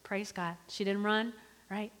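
Animated woman preacher in a big hall. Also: mid-range voice, unhurried. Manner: animated, conversational, asks for crowd response. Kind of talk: sermon. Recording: reverberant hall.

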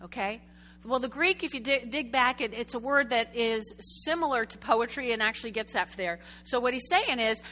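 A woman preaching a sermon to a congregation, telling a story with lively, chatty asides and questions to the room. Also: a little high, a little fast. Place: church sanctuary before a congregation.

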